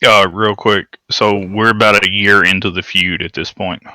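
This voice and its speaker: A man's voice: fairly low pitch, fairly even intonation, moderate pace, sharp tone, no room sound, rough recording. A man co-hosting a podcast, casually correcting details and filling in background, with many restarts. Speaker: podcast co-host. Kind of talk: casual chat about wrestling history.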